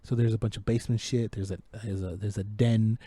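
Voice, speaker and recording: Mellow, dry-voiced man swearing excitably. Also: fairly low pitch, a little fast, husky, no room sound. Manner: profane, excitable storytelling. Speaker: podcast co-host. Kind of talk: casual chat. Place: home podcast setup.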